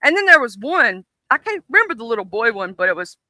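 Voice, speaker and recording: A man's voice: very high-pitched, sing-song, fast, sharp tone, no echo, low-quality recording. A man in casual, joking livestream chat, reminiscing and greeting viewers in the chat. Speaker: livestream co-host.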